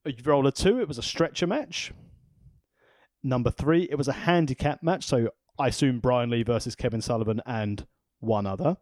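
A man's voice: mid-range voice, normal speed, a little mellow, no echo. A man co-hosting a casual wrestling podcast, recapping with dry, wry humor. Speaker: podcast co-host.

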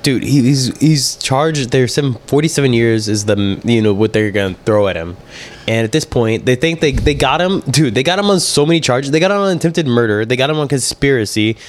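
Excitable man in casual banter. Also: medium pitch, fairly quick. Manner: loud, animated, excitable, swears, acts out quotes.

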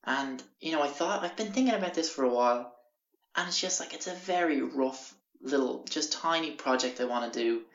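A man's voice: medium pitch, animated, brisk. A young Irish man hosting a podcast, telling a rambling story in casual chat, swearing often and acting out what people said. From Ireland. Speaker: podcast host. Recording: roomy, dull lo-fi recording.

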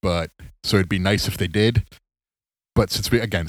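A man's voice: low voice, moderate pace, fairly bright tone, dry recording. A man hosting a solo podcast, chatting casually about sports late at night, rambling and self-mocking, tired and yawning. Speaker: podcast host.

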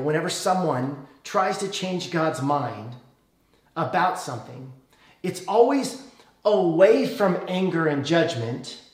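A man's voice: fairly high pitch, roomy sound. A man preaching a sermon in a conversational way, often checking in with "okay?".

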